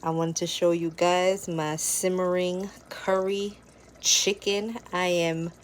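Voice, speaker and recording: A woman's voice: lowish voice, flat delivery, slow, heavy background noise. A woman from Jamaica with a Jamaican accent, chatting casually to viewers in a home cooking vlog. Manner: chatty, addresses viewers as "people". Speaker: vlogger. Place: home kitchen.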